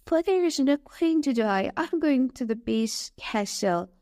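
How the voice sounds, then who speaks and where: A woman's voice: high voice, animated, unhurried, warm tone, dry recording, studio quality. Woman voicing a brave, determined young daughter. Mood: firm. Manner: firm, determined.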